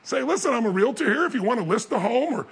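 A motivational speaker with a gravelly, husky voice that sits high and swings widely in pitch. He tells a story and acts out the other people's voices, building up to loud, emphatic peaks. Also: animated, fast. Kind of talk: storytelling talk.

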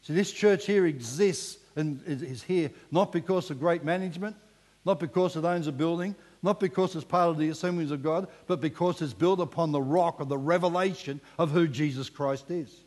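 Male pastor, higher-pitched voice, animated sermon delivery, recorded with long hall reverb. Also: moderate pace. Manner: animated preaching, drops to hushed emphasis, acts out voices. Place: church hall.

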